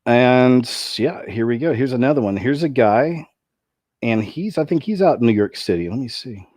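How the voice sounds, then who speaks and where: A man's voice: mid-range voice, expressive, normal speed, a little mellow, no echo, studio quality. A man hosting a commentary video, talking in a rambling way with many restarts and asides.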